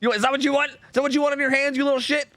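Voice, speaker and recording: A man voicing a foul-mouthed five-year-old boy loudly swearing at his teacher. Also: very high voice, flat delivery, rapid-fire, dry recording, pitched above the performer's own voice. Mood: exasperated. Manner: shouty, swearing, exasperated.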